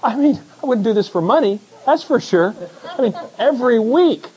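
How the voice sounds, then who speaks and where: A middle-aged man, a pastor, preaching a conversational sermon that swings between hushed asides and excited emphasis. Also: very high-pitched, normal speed, low-quality recording.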